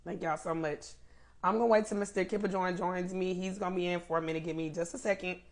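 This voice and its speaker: A woman's voice: on the low side, steady tone, fast talker, creaky. A woman hosting a casual live stream, greeting viewers by name and laughing often while she waits for her guest, speaking.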